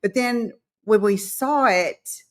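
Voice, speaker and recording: A chatty woman with a Southern American accent who co-hosts a live stream. She tells stories at an ordinary pitch in an easy, casual way. She acts out quotes as she goes. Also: takes it slowly.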